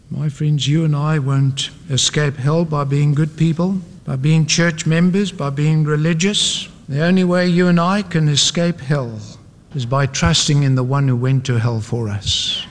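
A man's voice: a little high, fairly even intonation, a little slow. A man preaching a sermon, telling a vivid story with dramatic cries and then calling listeners to prayer. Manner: dramatic storytelling, voices rising to cries in quoted pleas. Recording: long hall reverb with faint music.

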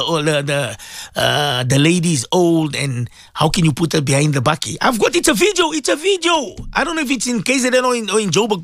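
A South African man hosting a radio talk show, speaking in impassioned commentary with emphatic repetition and frequent throat clearing. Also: high-pitched, fairly bright tone, dry recording, clean studio sound.

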